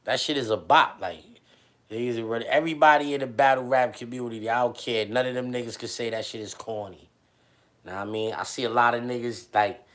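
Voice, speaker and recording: A man hosting a livestream, chatting casually with viewers in loose, animated slang. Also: medium pitch. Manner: slangy and animated, often addresses chat. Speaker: livestream host.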